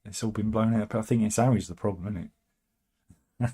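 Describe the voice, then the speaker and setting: A man's voice: lowish voice, steady tone, fairly quick, dark tone, husky. A man hosting casual satirical news commentary, sardonic and rambling, with chuckling asides. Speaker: host of a satirical news channel.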